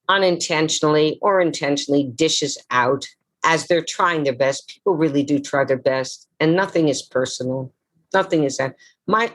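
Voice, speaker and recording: An older woman, an actress, telling her life story theatrically on a video call, slowing and dropping low for emphasis. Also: a bit bright. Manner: dramatic, slows for emphasis, drops low on key words. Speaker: actress and memoir author, guest.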